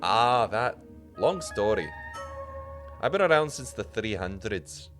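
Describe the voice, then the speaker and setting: A man's voice: low voice, expressive, fast. A man voicing an ancient, chatty, boastful male skull mage who rambles gleefully and tries an accent. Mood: scoffing. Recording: music playing underneath.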